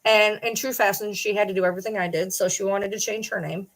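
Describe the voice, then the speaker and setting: A woman's voice: medium pitch, fairly even intonation, quick pace. A middle-aged woman hosting her own vlog, talking casually and ranting at viewers in an indignant, sarcastic, challenging way. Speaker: channel host.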